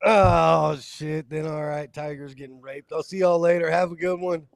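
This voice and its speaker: Brief: man, slightly high voice, rambling passionate rant, dry close sound. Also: steady tone, moderate pace, vocal fry, no echo. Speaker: guest. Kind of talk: casual group chat.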